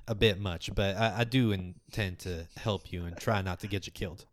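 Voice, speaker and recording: A man voicing a formal, mysterious male scholar who guides the party, speaking in a measured, somewhat hesitant way. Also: sits low, fairly even intonation, no echo, clean studio sound, natural voice. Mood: earnest.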